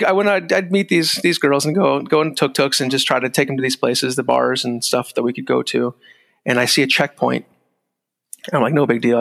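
A middle-aged man with a gravelly edge, recounting an old story in a relaxed, easygoing way. He laughs lightly along the way and acts out what others said. His voice carries a long, hall-like reverb, as if recorded in a big echoing room. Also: mid-range voice. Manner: laid-back, laughs while telling stories, acts out quoted lines. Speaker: guest, former security agent. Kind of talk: casual storytelling.

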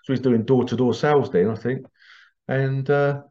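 A man's voice: mid-range voice, steady tone, moderate pace, mellow. A middle-aged man chatting straight to his viewers in a loose, rambling way, forever on the edge of laughing at his own stories. The sound is slightly dull and lo-fi. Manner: giggly, keeps breaking into laughter while telling stories. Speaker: vlogger. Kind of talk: casual monologue to camera.

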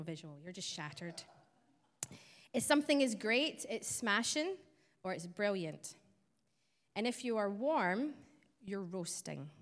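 A Scottish woman, a missionary, explains things to a church congregation in a friendly way, chuckling now and then. Her voice sits at a middle pitch. It rings out with a long reverb in the church hall. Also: fairly bright tone. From Scotland. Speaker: missionary speaker. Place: church sanctuary.

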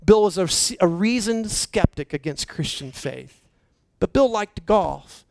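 High-voiced man preaching a slow sermon. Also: animated, gravelly, a little mellow, no room sound, low-quality recording. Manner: slow, emphatic preaching with dramatic drops to near-whisper. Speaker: pastor.

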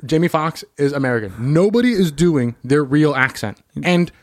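A man co-hosting a casual movie review chat, talkative and quick to laugh. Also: fairly high pitch, expressive, no echo, clean studio sound. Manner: chatty, laughs often, uses dude. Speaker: podcast co-host.

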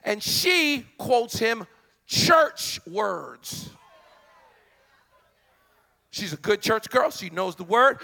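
A male preacher delivering a sermon, conversational and emphatic, hollering at peaks and dropping into quick asides. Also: high-pitched, very animated, creaky, pushed and bright.

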